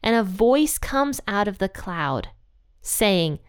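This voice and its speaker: A young woman talks through a Bible passage on her own podcast in a loose, conversational way, thinking aloud and tossing out her own guesses. Her voice is smooth and clear at a middle pitch. The sound is dry and close, with no room around it. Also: very animated, slow, no echo. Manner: chatty, thinks aloud with fillers and speculation. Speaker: podcast host teaching the Bible. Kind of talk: casual Bible teaching podcast.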